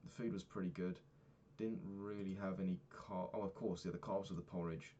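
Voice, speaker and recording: A young man, a personal trainer, candidly recapping his week and swearing freely, getting animated when retelling annoyances. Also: low voice, moderate pace, muffled recording, a little hiss or hum. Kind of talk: casual vlog recap.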